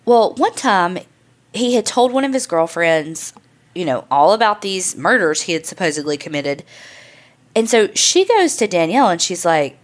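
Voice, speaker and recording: A podcast host with a lowish voice and big pitch swings recounts a true crime story at normal speed. She keeps it casual and chatty, loose and profane, leaning heavily on "like" and "I mean".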